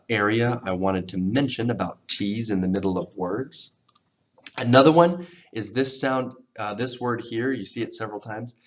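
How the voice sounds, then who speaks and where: A man's voice: fairly low pitch, highs cut off. Patient man drilling English pronunciation. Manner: patient, drills words slowly and repeats them. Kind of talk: pronunciation lesson.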